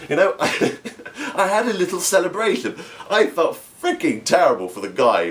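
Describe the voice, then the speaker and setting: Young English man, amateur stand-up; animated delivery with lively pitch, quick laughs, restarts. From England. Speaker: amateur comedian. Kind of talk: storytelling comedy monologue.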